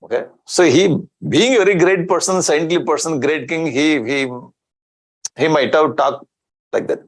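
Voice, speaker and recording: A man's voice: a little high, moderate pace, rough recording. A man giving a scripture discourse as a swami, chanting Sanskrit verses and explaining them in with rhetorical questions.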